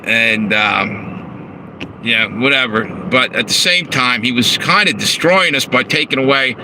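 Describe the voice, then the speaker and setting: Unhurried and mid-range, this man's voice drifts through a casual livestream as he sits in his parked car with the AC on, swearing, reading out chat messages, and laughing at his own remarks. Engine and air conditioner hum fill the noisy handheld phone recording.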